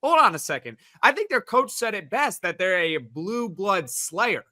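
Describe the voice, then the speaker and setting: A man's voice: sits high, very animated, moderate pace, pushed and bright. A man debating college basketball on a podcast panel, arguing his point with repeated "I mean" restarts. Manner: argumentative, thinks aloud with "I mean" restarts. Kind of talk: casual sports debate.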